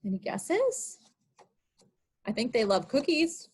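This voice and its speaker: A woman's voice: on the high side, sing-song, slow pace, breathy edge. A woman, a children's librarian, reading picture books aloud during an online storytime, asking small children sing-song guessing questions.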